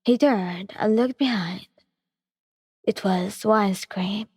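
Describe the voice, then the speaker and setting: Brief: woman narrator, breathy tone, dry close sound with a long reverb tail. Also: medium pitch, slow, darkish tone. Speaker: storyteller. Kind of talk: scripted story narration.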